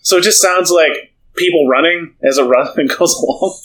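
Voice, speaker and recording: A man's voice: fairly high pitch, moderate pace, a bit bright, low-quality recording. A man hosting a casual podcast chat, joking and laughing often. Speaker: podcast host.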